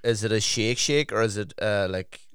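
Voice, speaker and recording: Man, casual chat, smooth clear voice, dry close sound, swearing storyteller. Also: fairly low pitch, moderate pace, fairly bright tone, dry recording. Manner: swearing, storytelling with laughs and acted quotes.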